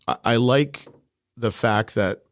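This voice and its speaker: A man's voice: medium pitch, takes it slowly, no echo. Chatty middle-aged man with a Canadian accent. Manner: chatty storyteller, frequent restarts and asides. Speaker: guest, wine distributor. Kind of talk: casual interview chat.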